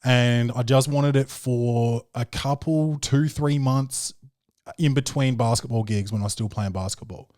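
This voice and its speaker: An Australian man talks casually as a podcast host, rambling through a story with constant fillers and a lot of swearing. His voice sits at an ordinary middle pitch for a man. The recording is dry and close, with no room sound. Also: a little slow, a little mellow, dry recording.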